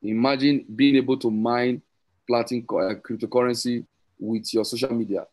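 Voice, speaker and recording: An excitable man hosting a group call pitches crypto with a screen share, speaking at a moderate pace on a low-quality recording. He rambles, repeats himself, corrects himself and teases his listeners.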